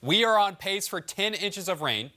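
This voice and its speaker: Bright, energetic TV weatherman. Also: sits high, moderate pace. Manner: energetic, emphatic with figures. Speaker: meteorologist. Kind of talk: TV weather chat. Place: TV studio.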